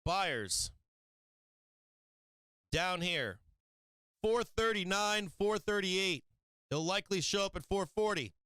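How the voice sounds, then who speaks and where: Man, live stock market host, brash, excitable, swearing, smooth resonant voice, dry close sound. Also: high voice, slow, long pauses, no room sound. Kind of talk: live-stream chart analysis.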